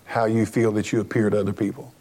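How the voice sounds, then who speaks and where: Middle-aged male pastor, lowish voice, earnest plainspoken preaching, frequent restarts. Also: little pitch movement, quick pace, dark tone. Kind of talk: sermon.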